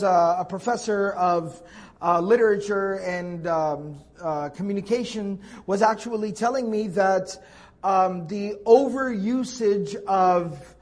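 A man teaching a Quran tafsir lecture in a patient, explanatory way, stressing key words and often restarting his sentences. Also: high voice.

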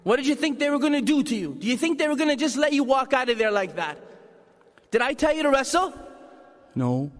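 A man voicing a sharp-tongued mother who scolds her son with sarcastic questions, recorded in a reverberant hall. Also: very high-pitched, very animated, a little fast, pitched above the performer's own voice. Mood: scolding.

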